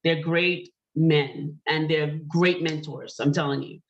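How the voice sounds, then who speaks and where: A woman's voice: low voice, steady tone, takes it slowly. A woman hosting an online panel discussion, telling a personal story in a chatty, candid way with many fillers. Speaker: panel host. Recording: dull lo-fi online call audio.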